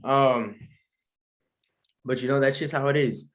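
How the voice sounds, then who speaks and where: A man's voice: medium pitch, fairly even intonation, a little slow. A young man, hosting a solo podcast in a laid-back, rambling way and laughing often. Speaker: podcast host. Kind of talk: casual solo podcast chat.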